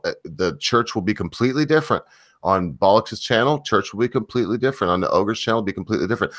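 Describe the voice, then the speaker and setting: A man's voice: lowish voice, fairly bright tone, no echo, clean studio sound. A man co-hosting a casual livestream chat, rambling with many fillers and restarts. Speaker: livestream co-host.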